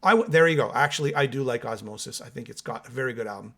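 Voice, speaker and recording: Speaking fast in an ordinary mid pitch with a fairly bright tone, a male metal-channel host does a casual solo podcast, reacting and reading comments. He's opinionated and chatty, talks straight to his audience, and is still easing awake with coffee.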